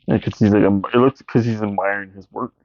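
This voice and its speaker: A man's voice: lowish voice, steady tone, fast talker, a little mellow, slight background noise. A man co-hosting a podcast, tossing crude wisecracks into a casual movie chat. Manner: crude wisecracks and frequent laughter. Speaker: podcast co-host. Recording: dull lo-fi podcast audio.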